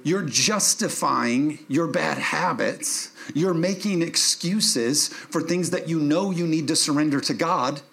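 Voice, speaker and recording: Pastor preaching with emphatic calls. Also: male voice, on the high side, slow pace, vocal fry, few pauses, fairly bright tone. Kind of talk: sermon. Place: church.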